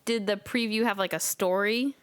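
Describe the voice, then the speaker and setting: A woman co-hosting a podcast in casual chat, chatty and quick to laugh. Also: mid-range voice, steady tone, clear, resonant tone, dry recording. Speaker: podcast co-host.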